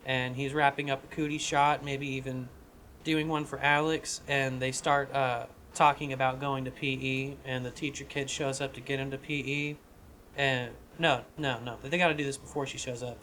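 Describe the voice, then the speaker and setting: A man talks through a script idea for his podcast, rambling and profane and restarting his sentences. His voice is bright and forward, and a faint hum of ambience sits behind him. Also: medium pitch, little pitch movement, moderate pace. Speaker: podcast co-host. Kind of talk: casual chat pitching a script.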